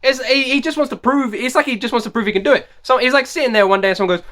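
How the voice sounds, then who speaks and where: An excitable man hosts a music reaction video, rambling through a casual rant. His voice is bright and sits unusually high, and he talks quickly. He keeps hammering his points home by saying them again. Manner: animated, excitable, repeats himself for emphasis.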